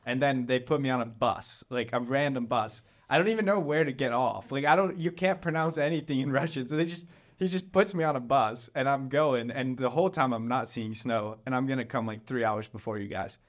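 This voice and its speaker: A young man rambles through a story in casual conversation. He leans on "like" constantly and acts out what people said as he retells it. His voice sits at an ordinary mid pitch. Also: brisk, hardly any pauses. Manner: rambling, lots of "like", animated retelling. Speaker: storyteller guest. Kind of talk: casual chat.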